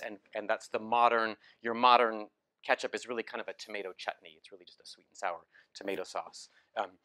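In a lecture hall, a man gives an academic talk with slides, telling it casually as a story with many ums and restarts. His medium-pitched voice is bright and forceful.

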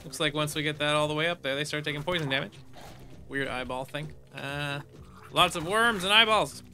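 A man's voice: on the high side, brisk, bright, forceful tone. A man casually commenting on a game he is playing, reading the on-screen text aloud and adding playful hums and silly sound effects. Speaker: gamer playing through a game. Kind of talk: casual let's play commentary.

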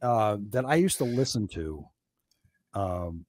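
A New Jersey man with a lowish voice, a guest on a podcast, tells stories slowly in casual conversation. He's an animated storyteller who acts out the quotes. The recording is dry.

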